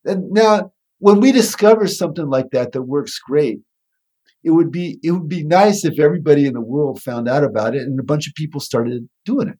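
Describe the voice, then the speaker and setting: A man talks through his ideas in an easy conversation, and his voice is somewhat husky and sits a little high. He circles back and restarts phrases as he thinks. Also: brisk, warm tone. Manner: thoughtful, with frequent restarts. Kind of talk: conversational explanation.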